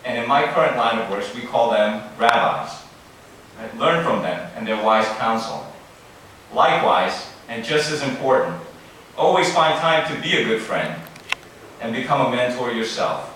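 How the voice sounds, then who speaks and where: A man's voice: medium pitch, normal speed, fairly bright tone, a little hiss or hum. A man in his forties giving a formal keynote speech at a banquet, earnest and advising, with asides and self-corrections. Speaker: keynote speaker. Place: large banquet hall. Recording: very echoey hall, distant mic, faint room ambience.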